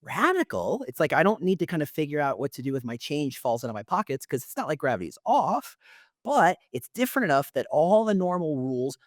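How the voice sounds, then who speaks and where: A middle-aged man, a podcast guest, explaining with energetic, theatrical enthusiasm and lots of repetition. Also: on the high side, brisk, no echo, studio quality. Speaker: podcast guest, employer branding founder. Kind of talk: animated conversational explaining.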